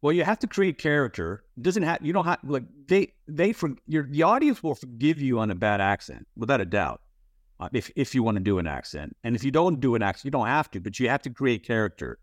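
A man's voice: mid-range voice, very animated, a little fast, no echo, clean studio sound. A man giving acting advice in a casual interview, rambling and full of restarts. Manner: candid, swears casually. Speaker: interviewer, playwright and actor.

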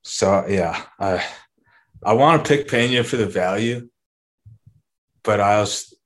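A young man with a lowish voice joins a podcast chat in a relaxed way, weighing his choices out loud with some hesitation. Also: a little slow. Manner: relaxed, hesitant, thinks aloud. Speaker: podcast co-host. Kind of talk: casual chat.

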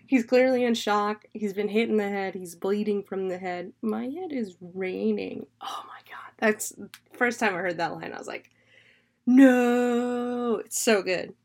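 A woman's voice: medium pitch, fairly bright tone. Chatty woman recapping a horror film. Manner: chatty and loose, with frequent "like" and "um", and swears for emphasis. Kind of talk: casual movie recap and review.

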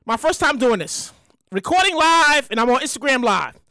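A woman hosting her own podcast in a casual solo monologue, loud, hyped, profane and rambling, often repeating herself. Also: high voice, sing-song, normal speed, dry recording, studio quality. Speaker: podcast host.

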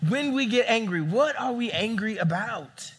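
A young man preaching a sermon as a campus pastor, animated and acting out the people he quotes. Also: high-pitched, normal speed, breathy edge. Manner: animated, acts out quoted voices.

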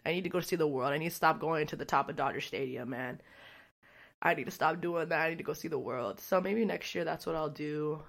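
A woman's voice: deep voice, a little fast, gravelly. Chatty, profane young woman podcaster. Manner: chatty, profane, rambling with many fillers. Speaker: podcast host. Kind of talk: casual solo podcast chat.

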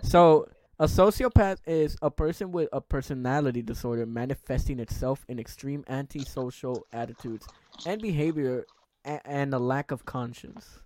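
A man's voice: medium pitch, moderate pace, darkish tone, no echo. A young man co-hosting a casual podcast, teasing and questioning his friend and swearing often. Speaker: podcast co-host.

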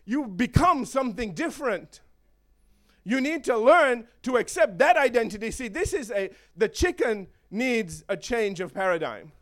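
A man preaching a sermon in an animated way, with joking asides and chuckles. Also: very high-pitched, normal speed.

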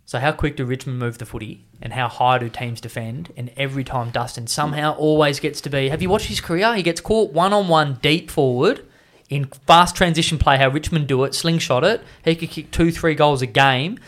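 A man's voice: on the high side, brisk, a bit bright. A man with an Australian accent in a casual sports podcast chat, blunt and swearing freely. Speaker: podcast co-host.

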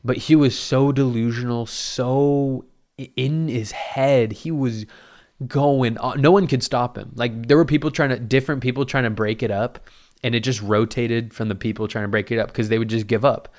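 A man's voice: medium pitch, fairly even intonation, moderate pace, a little mellow. A man casually telling a story at home into a mic, rambling and cursing freely as he acts out what people said. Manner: rambling and profane, acting out quotes.

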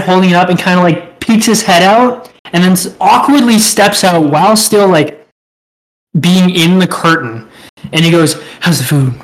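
A man's voice: high-pitched, low-quality recording. A young man co-hosting a podcast, telling a rambling, profane story in casual chat and laughing as he goes. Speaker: podcast co-host.

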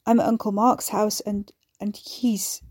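A woman's voice: mid-range voice, slow, dark tone, husky, no echo, studio quality. A woman reading a grief-broken grown man. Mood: distraught. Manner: broken, gasping, pleading. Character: distraught grown man, grief-stricken and pleading.

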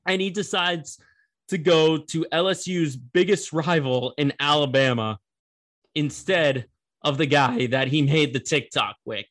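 A man's voice: on the high side, unhurried, a bit bright. A young man hosting a casual sports commentary show, chatty and rambling, laughing at the story.

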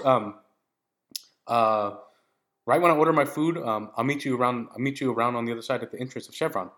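A man co-hosting a podcast, telling a story in casual chat, swearing freely and breaking into high laughter. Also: quick pace. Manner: swearing, animated retelling with bursts of high laughter. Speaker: podcast co-host.

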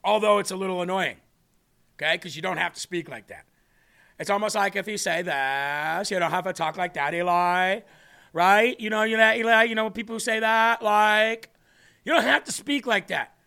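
Brief: loud, mocking male talk host, high bright voice, chatty and rambling. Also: normal speed, gravelly, smooth. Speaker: political talk show host. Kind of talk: livestream commentary.

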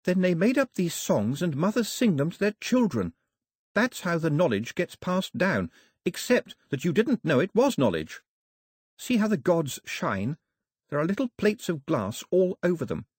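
A man doing a bright, eager young girl. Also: fairly high pitch, normal speed, slightly rough, no echo, studio quality, pitched above the performer's own voice. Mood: eager explaining. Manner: excited, explaining, earnest. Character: eager, clever young girl, well-spoken castaway.

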